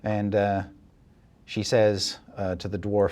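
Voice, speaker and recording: A man narrating a tabletop game as dungeon master, describing scenes with animated energy. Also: lowish voice, slow.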